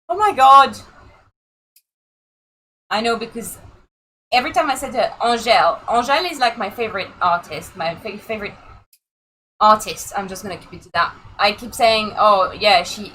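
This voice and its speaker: A woman from the south of France with a French accent, a streamer chatting in an animated way while she plays. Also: mid-range voice, slight background noise, rough recording. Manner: chatty, animated, laughing asides. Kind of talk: casual gameplay commentary.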